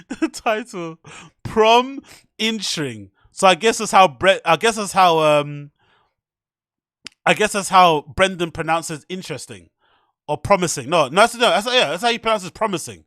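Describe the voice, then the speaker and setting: Man, high voice, dry close sound, casual livestream commentary, swearing, laughing, mocking. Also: animated, normal speed, a bit bright, no room sound. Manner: swears often, laughs a lot, incredulous mocking. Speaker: podcast host.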